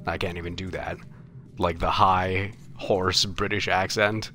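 A young man streaming a game live, rambling through anecdotes in a halting, self-mocking way. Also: sits low, bright, forceful tone, faint music behind.

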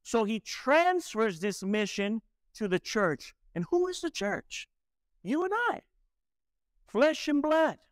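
A man's voice: extremely high pitch, big pitch swings, slow pace, dry recording, clean studio sound. A man delivering a sermon as pastor, preaching emphatically and asking the congregation rhetorical questions.

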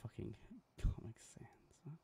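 A man's voice: a little slow, warm tone, whispered. A young man streaming live as he designs graphics, talking to himself in a casual, profane way and getting easily frustrated.

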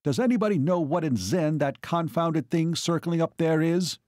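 A man's voice: fairly high pitch, big pitch swings, moderate pace, darkish tone, dry recording, studio quality, voice pushed up. A man voicing an irritable older male cavalry marshal who barks and snarls his questions. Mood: gruff. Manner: barking, snarling, impatient.

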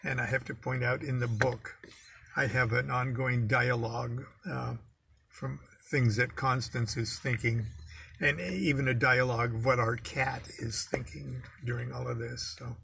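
A man's voice: medium pitch, fairly even intonation, measured pace, creaky, background noise. A man reading aloud from his own memoir, telling the story in a wry, self-mocking way.

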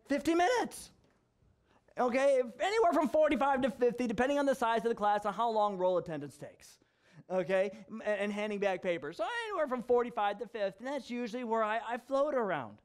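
Animated pastor with a high voice. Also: male voice, fairly quick. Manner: animated storytelling, acting out dialogue, frequent laughs. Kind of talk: conversational sermon.

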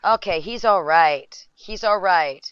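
Woman on a dull dry mic, yelling and laughing at her sims game. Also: on the low side, slow, smooth, dry recording. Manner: excitable, shouts at the screen, laughs a lot. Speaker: gameplay video host. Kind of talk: casual gameplay commentary.

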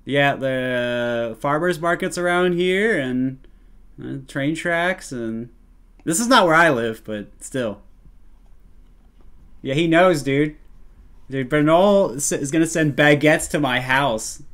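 A man streaming a live reaction to a video, playful and prone to bursts of loud hype yelling. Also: on the high side, takes it slowly.

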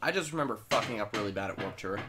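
Animated young man telling gaming stories. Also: lowish voice, racing, background noise. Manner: animated storyteller, swears a lot, loud sudden shrieks. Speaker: gaming co-host. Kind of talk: casual let's play chat. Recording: game music behind.

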